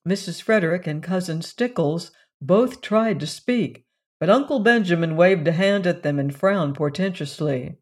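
An audiobook narrator reading a classic novel in a measured, scripted narration. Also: mid-range voice.

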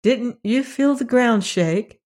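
A polite, inquisitive little girl asks her questions in a slow, careful way, as the audiobook reader puts her on. Her voice sits a little higher than the narration. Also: a little mellow, lightly acted. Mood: curious. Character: polite, curious little girl traveling home. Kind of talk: audiobook character reading.

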